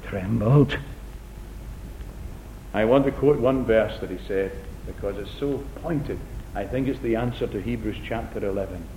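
In a church hall, a middle-aged man preaches a sermon at an unhurried pace, earnest and dramatic. He swings from loud appeals to hushed near-whispers and repeats key phrases for emphasis. The recording is echoey and dull, with a low rumble.

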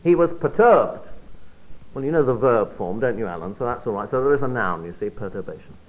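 A man preaching a Bible study sermon, emphatic and expressive, often dropping to a quiet, low voice for emphasis. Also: brisk. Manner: expressive, emphatic delivery with sudden drops to quiet. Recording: phone-like narrow band.

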